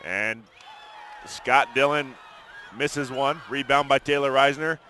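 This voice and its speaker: A man calling play-by-play of a high school basketball game in brisk, chatty commentary from an arena booth. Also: steady tone, over a noisy crowd, very noisy. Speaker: play-by-play announcer.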